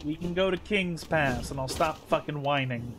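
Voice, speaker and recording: A man's voice: a little high, moderate pace. A man streaming a game live, thinking aloud, counting under his breath and swearing when annoyed. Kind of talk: live gaming commentary.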